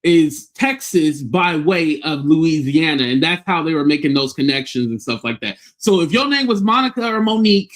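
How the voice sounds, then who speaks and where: A male commentary host tells an online story in a relaxed, chatty way, laughing and slipping into the voices of the people he quotes. His voice sits high for a man and swings widely in pitch. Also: normal speed, hardly any pauses. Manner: animated, acts out quoted voices, laughs often.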